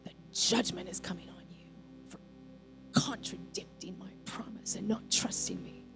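A woman preacher voicing a stern male deity who scolds in a low, hushed, threatening way. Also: huge pitch swings, normal speed, creaky, over music.

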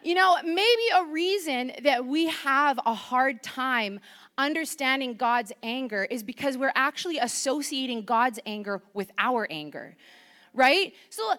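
Lively, animated woman preaching. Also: sits high, unhurried. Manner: animated, chatty, asks the audience questions. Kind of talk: sermon. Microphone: microphone to a congregation.

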